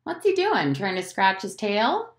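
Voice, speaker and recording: A firm, scolding housekeeper from the South with a loud, lively voice, as a woman reads her aloud. She barks orders with a dialect drawl, and the roomy echo of a classroom hangs around her. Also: medium pitch, a little slow.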